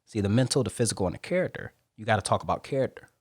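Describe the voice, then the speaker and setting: A man, a Marine, telling stories as a guest on a podcast interview in an animated way. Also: lowish voice, breathy edge, dry recording. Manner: animated, rapid storytelling.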